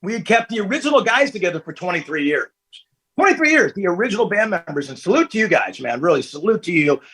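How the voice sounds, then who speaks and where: A man's voice: high-pitched, expressive, fast talker, fairly bright tone, husky, low-quality recording. A man in his fifties, a podcast guest, telling candid stories in casual chat from home over a call. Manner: candid, storytelling, laughs easily. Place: at home, family nearby.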